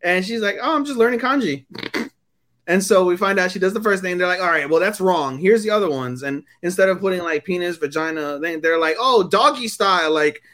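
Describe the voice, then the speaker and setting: Guy cohosting an anime podcast, swears a ton, does squeaky voices for the characters. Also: steady tone, quick pace, few pauses, a bit bright. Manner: crude, swears a lot, acts out scenes in high put-on voices. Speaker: podcast co-host. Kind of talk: casual anime podcast chat.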